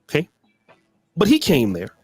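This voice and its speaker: A man's voice: high voice, very animated, normal speed, vocal fry, slightly rough, no echo, soft background music. A man giving emphatic commentary, repeating phrases for effect. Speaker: guest commentator. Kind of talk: animated commentary.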